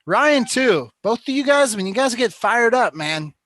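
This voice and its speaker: High-voiced chatty man hosting a show. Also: very animated, a little slow, a bit bright. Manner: chatty, rambling storyteller. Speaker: host of a call-in show. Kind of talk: casual chat.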